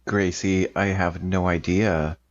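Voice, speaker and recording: A man's voice: sits low, level tone, slow pace. A man as a laid-back, slangy young guy. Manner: casual, with fillers like "like" and "dude". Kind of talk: in-character role-play. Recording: slightly muffled lo-fi mic.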